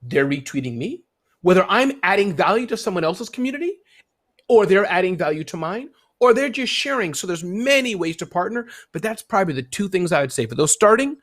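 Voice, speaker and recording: A middle-aged man talking as a guest in a casual interview, lively and jumping up in pitch when excited. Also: fairly quick.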